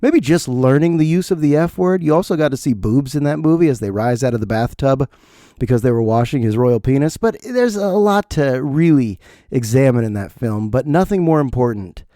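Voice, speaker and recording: A middle-aged man hosting a comedic podcast monologue, animated, laughing often and mimicking lines. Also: medium pitch, dry recording, clean studio sound. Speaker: podcast host. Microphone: studio podcast mic.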